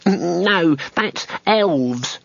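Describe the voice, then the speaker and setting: A man's voice: high-pitched, animated, very slow, vocal fry, a bit bright, dry recording, muffled recording, pitched above the performer's own voice, full character voice. A man voicing a small nervous male gnome who hedges and backpedals. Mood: wary. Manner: hesitant, backpedalling.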